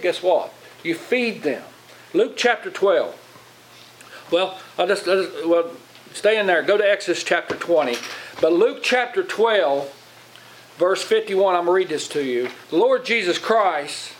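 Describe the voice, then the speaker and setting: A man preaching a plain-spoken sermon in a church, with a voice pitched a little higher than most men's. He talks conversationally and keeps asking the congregation questions. A faint hiss sits under his voice. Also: rough recording. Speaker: pastor.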